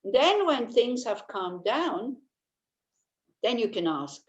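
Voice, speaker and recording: A woman's voice: on the high side, very animated, slow pace, pauses often, poor audio. A woman teaching a Buddhist class, talking in a conversational way and often checking in with tag questions while she answers listeners' questions.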